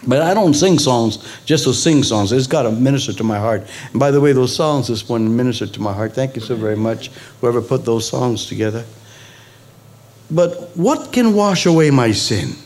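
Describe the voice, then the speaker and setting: A male pastor preaching a sermon, with sudden high emphatic peaks and conversational asides to the congregation. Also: a little fast, hardly any pauses, darkish tone.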